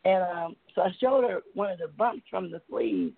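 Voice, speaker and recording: A woman's voice: lowish voice, very animated, moderate pace, slightly rough, no echo. A woman calling in to an open-mic poetry radio show, chatty and laughing a lot as she talks. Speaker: caller reading a poem. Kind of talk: casual phone chat. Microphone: phone call. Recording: tinny phone line.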